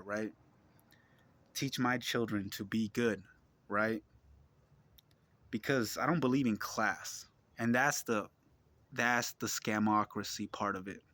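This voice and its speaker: Speaking directly to viewers in a mid-range, slightly bright voice, a male vlogger delivers a fervent religious rant. He's blunt and preachy, curses, says things more than once, and keeps checking if you agree.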